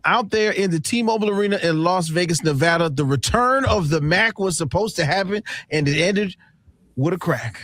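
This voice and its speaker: Animated slangy sports radio host, man. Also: fairly high pitch, no room sound. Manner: energetic, slangy, shouting out guests. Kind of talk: hype sports radio hosting.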